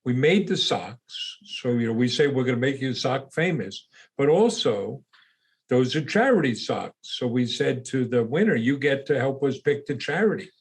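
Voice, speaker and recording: A man's voice: medium pitch, animated, moderate pace, breathy edge. A middle-aged man as a podcast guest, explaining his business in a plain, conversational way with some fillers. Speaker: guest, small business owner. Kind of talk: casual interview chat.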